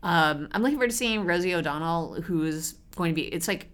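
A woman with a lowish voice that swings widely in pitch co-hosts a podcast. Her tone is bright and forward, and she talks with eager enthusiasm, laughing easily through the casual banter. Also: lively intonation, brisk. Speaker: podcast co-host.

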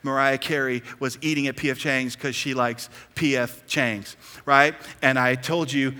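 A man preaching an Easter sermon as pastor, moving between hushed, drawn-out lines and loud, fast bursts. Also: mid-range voice. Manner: animated, swings between hushed and loud emphasis. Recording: long hall reverb.

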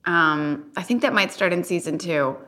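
Bright-voiced woman, chatty podcast co-host. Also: on the low side, normal speed. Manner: giggly, chatty, reads fan questions. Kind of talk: casual rewatch podcast chat.

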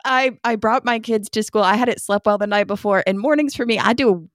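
A woman in her thirties chats earnestly as co-host of a parenting podcast, talking things through with lots of "like" and "right?". Her voice sits in a middle pitch. The sound is dry and close, with no room echo. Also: brisk. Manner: earnest, explains at length with many "like" and "right?". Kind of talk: casual chat.

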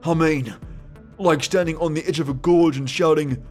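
A man narrating a first-person horror story in a tense, frightened way, with sudden shouted cries. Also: a little high, fairly even intonation, normal speed, soft background music.

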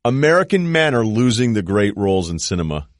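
Lively low-voiced man co-hosting a chat show. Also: fairly quick, dry recording, studio quality. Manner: animated, sarcastic, jokes in put-on voices. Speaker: podcast co-host. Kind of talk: casual comedic chat.

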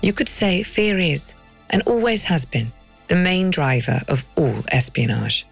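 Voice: medium pitch, lively intonation, measured pace, vocal fry, breathy edge, faint music behind. A documentary narrator reading a scripted story with dramatic pacing and rhetorical questions.

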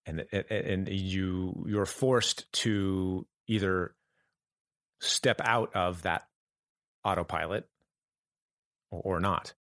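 A man speaks earnestly in a reflective conversation, stopping and restarting his phrases as he searches for words. His voice sits fairly low, and the recording is close and dry. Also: fairly even intonation, a bit bright, dry recording. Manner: halting, restarts often, earnest. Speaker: podcast guest.

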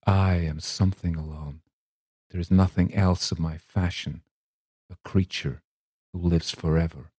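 A man voicing a frail, lonely old noblewoman who speaks slowly and wistfully in a dark, low voice. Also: fairly even intonation, slightly rough, dry recording, clean studio sound.

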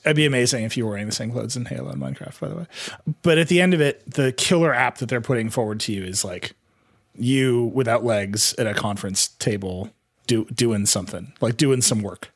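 A man's voice: mid-range voice, brisk, gravelly, dry recording, clean studio sound. A man co-hosting a tech podcast, talking in a rambling, sarcastic way full of "like". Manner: animated, rambling, sarcastic with lots of "like". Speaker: podcast co-host. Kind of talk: casual panel discussion.

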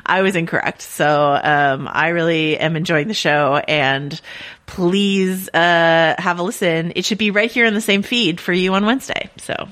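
A woman co-hosting a podcast in casual chat, animated and chatty, laughing easily and restarting her sentences often. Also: fairly low pitch, a little slow. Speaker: podcast co-host.

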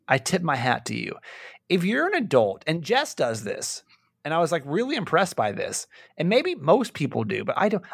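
A young man hosting a podcast in casual chat, animated and laughing, with frequent stammered restarts. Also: medium pitch, vocal fry, no room sound, studio quality. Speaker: podcast host.

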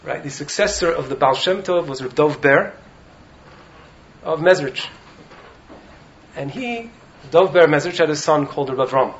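A man giving an animated Torah talk as a rabbi in a study hall, often asking "right?" to his listeners. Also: on the high side, moderate pace, pauses often, muffled recording, slight background noise. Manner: animated, keeps checking in with "right?". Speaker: rabbi teaching in a yeshiva.

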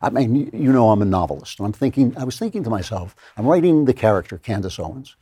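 A middle-aged man hosting a conversational interview, animated, with stammering restarts. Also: on the low side, fast talker, breathy edge, no echo, clean studio sound. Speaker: interview host.

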